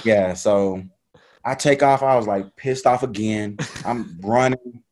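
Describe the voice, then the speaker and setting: A man casually telling a story about a race in an animated, laughing way, acting out what people said. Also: fairly low pitch, slow pace. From United States. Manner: animated, laughing retelling with quoted voices.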